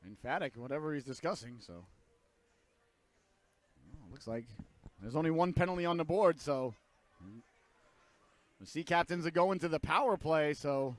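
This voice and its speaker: A man calling a hockey game play by play, a little hoarse, filling the quiet stretches with rambling jokey asides and rising to loud excitement on shots and goals. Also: on the high side, moderate pace, pauses often. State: hoarse throat, clearing it. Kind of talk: live sports commentary.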